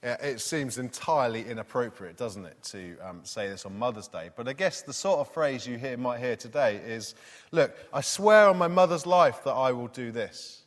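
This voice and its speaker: A man's voice: medium pitch, expressive, normal speed. A man preaching a sermon in a conversational way, reading scripture aloud and asking the congregation questions. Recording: long hall reverb.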